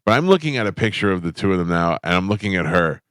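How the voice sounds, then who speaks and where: A man's voice: sits low, very animated, fast talker, a bit bright, smooth, dry recording. A man hosting a morning radio show, blunt and crude, joking with his co-hosts in the studio. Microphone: studio microphone.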